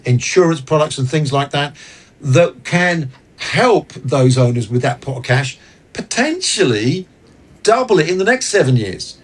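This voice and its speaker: Guy w a kinda husky voice, podcast guest, earnest and chatty. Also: medium pitch. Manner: earnest, explanatory, animated storytelling. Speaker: guest, business advisor. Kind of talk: casual interview talk.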